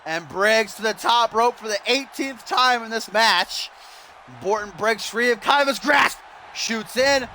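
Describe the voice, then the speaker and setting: A man giving excited, shouty play-by-play commentary on a wrestling video game, swearing and getting out of breath. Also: extremely high pitch, measured pace, a little hiss or hum. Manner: shouty, swearing, animated, mock wrestling-announcer delivery.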